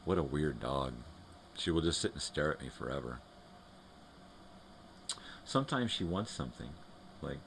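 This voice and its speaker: An extremely deep-voiced man hosts a live morning show from his home. He chats loosely and rambles, breaking off to talk to his dogs. A faint hiss sits behind his voice. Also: animated, normal speed, pauses often. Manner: loose and chatty, talks to his dogs between thoughts. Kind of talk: casual rambling chat.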